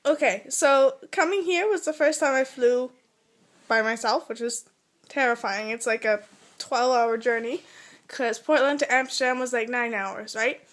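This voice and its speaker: A young American woman telling a funny travel story in a casual vlog, animated and giggly, full of "like". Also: fairly high pitch, normal speed. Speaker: vlogger.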